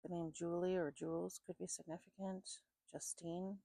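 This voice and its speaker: A woman doing an intuitive psychic reading at home, calmly listing names and places she picks up, thinking aloud and a bit sleepy. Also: fairly low pitch, normal speed, creaky, no echo, poor audio. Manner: calm, repetitive, thinking aloud. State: sleepy, yawning. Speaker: psychic reader.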